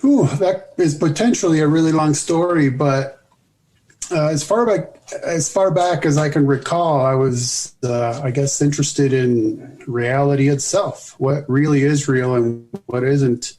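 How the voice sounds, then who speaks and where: A man's voice: fairly high pitch, a little slow, a little mellow. Hesitant rambling male author guest. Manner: rambling, hesitant, dry humor. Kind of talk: casual interview chat.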